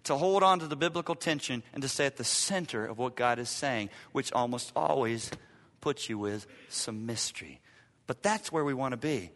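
A man preaching a sermon as pastor, emphatic, repeating key lines and swinging from loud to hushed. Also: mid-range voice, lively intonation, normal speed, long reverb tail.

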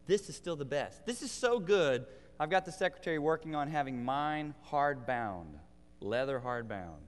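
Male pastor, 30s, earnest and emphatic sermon delivery; resonant, slightly high voice with long hall reverb. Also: lively intonation, moderate pace, clear, resonant tone. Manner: earnest, building to emphatic preaching. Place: church sanctuary.

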